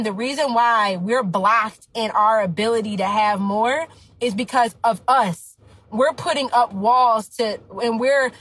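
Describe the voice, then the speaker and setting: A woman's voice: on the high side, a bit bright, breathy edge, rough recording. A young adult woman, a business coach, giving an emphatic, preachy motivational talk full of slang. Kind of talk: motivational talk to her audience.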